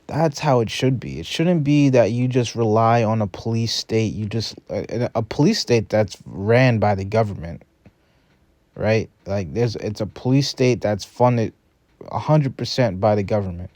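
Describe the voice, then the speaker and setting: A man's voice: fairly low pitch, unhurried, darkish tone, no room sound. A man hosting a reaction video, giving casual, earnest commentary that builds into a rant.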